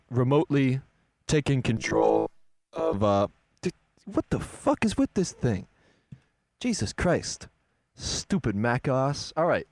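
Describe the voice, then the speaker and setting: A man's voice: medium pitch, no echo. A male radio host talking casually, exasperated and swearing a lot. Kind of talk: casual profane radio chat.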